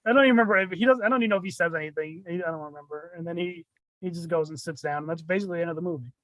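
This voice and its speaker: A man with a notably high voice, talking in a bone-dry room close to the mic. He retells a movie plot in a loose, rambling way, putting on the characters' lines with a laugh. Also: very fast, fairly bright tone, no room sound. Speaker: podcast co-host recapping a movie. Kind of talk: casual chat.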